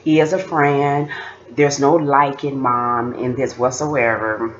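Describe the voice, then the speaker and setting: A woman voicing her teenage daughter, who pleads softly and hesitantly with her mom. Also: very deep voice, little pitch movement, takes it slowly, highs cut off. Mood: defensive. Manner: soft, hesitant, defensive.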